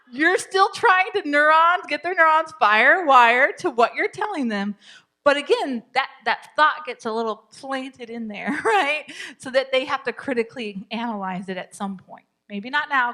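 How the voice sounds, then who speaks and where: A woman in middle age runs a parenting class in a church room, her voice bright and sharp and set somewhat high. She talks in a loose, chatty way and laughs easily with the group. Now and then she sinks to a near whisper to model a soothing phrase. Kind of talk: live class talk.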